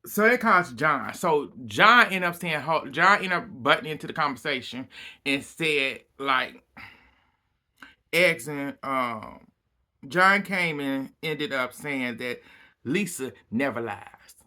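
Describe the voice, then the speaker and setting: A man giving a casual recap of a reality TV episode, acting out what people said with lots of laughter and sudden loud outbursts. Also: medium pitch, slow pace. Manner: animated storytelling, acting out quotes, frequent laughter and outbursts.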